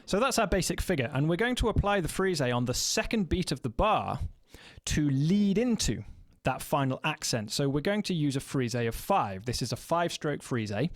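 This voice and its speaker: A man teaching snare drum technique, explaining in a measured way and counting rhythms aloud, with occasional fillers and self-corrections. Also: fairly high pitch, very animated, dry recording. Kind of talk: instructional music lesson.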